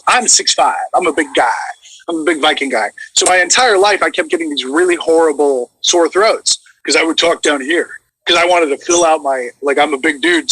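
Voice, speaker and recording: A man who is a voice actor, chatting casually and coaching vocal warm-ups with animated demonstrations. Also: on the high side, breathy edge, dry recording, low-quality recording.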